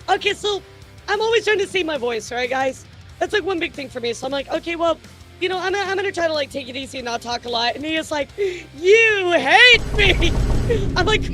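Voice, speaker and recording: A woman hosts a casual live stream with a high, bright-pitched voice that keeps jumping up in excitement. She laughs often, swears freely and chats straight to her viewers, with faint music playing behind her. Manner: giggly, animated, swears casually. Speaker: VTuber news streamer.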